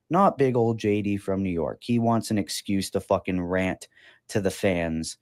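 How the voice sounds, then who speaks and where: A man's voice: sits low, measured pace. Profane young man ranting on a podcast. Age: 20s. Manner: animated, profane, sarcastic ranting. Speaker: podcast host. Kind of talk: casual ranting commentary.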